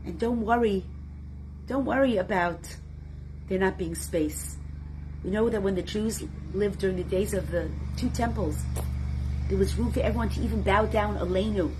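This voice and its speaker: A woman teaching a religious class with deep feeling, who swings from loud exclamations to hushed tones and speaks directly to her listeners as her friends. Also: slight background noise. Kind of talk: impassioned religious class talk.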